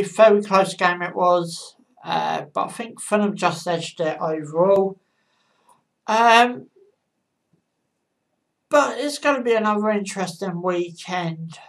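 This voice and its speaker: Slow, halting woman off-mic. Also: lowish voice. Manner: halting, with frequent pauses and fillers. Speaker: football predictions vlogger. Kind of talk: casual match predictions. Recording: voice a bit far from the mic.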